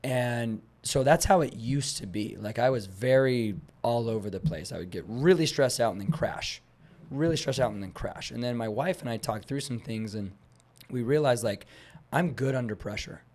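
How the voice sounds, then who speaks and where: A young man talking as a guest on a podcast, animated as he tells stories and acts out conversations, rambling a little with restarts. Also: medium pitch, normal speed. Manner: animated storyteller, acts out dialogue; rambling with frequent restarts and fillers. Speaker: guest, fitness instructor.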